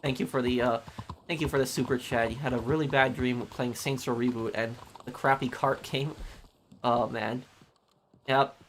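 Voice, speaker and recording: A man's voice: medium pitch, steady tone, moderate pace, slight background noise. A man streaming a game, casually reading out viewer messages and thanking them one after another. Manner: easygoing, thanks viewers repeatedly. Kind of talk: casual live-stream chat while gaming.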